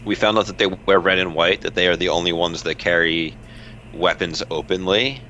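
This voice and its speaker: Deep bright man on a lo-fi mic. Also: moderate pace. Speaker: player. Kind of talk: tabletop role-play session over voice chat. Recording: dull lo-fi mic with faint noise.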